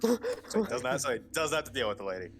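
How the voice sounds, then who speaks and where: A man playing at a tabletop game, chatting casually, excitable and swearing, often stumbling over his words. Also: mid-range voice, racing, very noisy. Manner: excitable, profane, stammering. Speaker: player.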